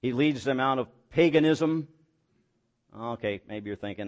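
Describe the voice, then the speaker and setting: A man's voice: mid-range voice, normal speed, dull audio. Emphatic man preaching a sermon. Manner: emphatic preaching, rising on key points, many rhetorical questions; plain folksy asides and self-deprecating humor. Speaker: pastor.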